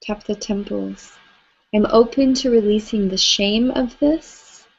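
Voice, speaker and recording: A woman leading a live tapping session, gently coaching listeners through phrases for them to repeat. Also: mid-range voice, slow pace, gravelly, husky. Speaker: EFT tapping facilitator. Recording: slightly dull lo-fi audio.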